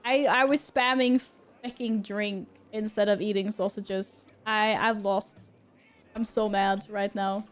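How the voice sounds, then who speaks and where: A woman's voice: medium pitch, steady tone, slow, faint music behind. A woman streaming a game, chatting casually with her viewers, laughing often and swearing now and then. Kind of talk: casual gameplay commentary.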